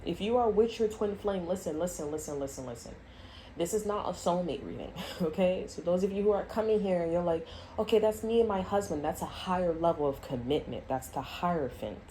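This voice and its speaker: A woman's voice: fairly low pitch, expressive, fairly quick, mellow, a little hiss or hum, low-quality recording. A woman giving a casual tarot reading to camera, blunt and profane, often laughing and acting out quoted voices. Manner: acts out voices in quoted asides. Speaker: tarot reader.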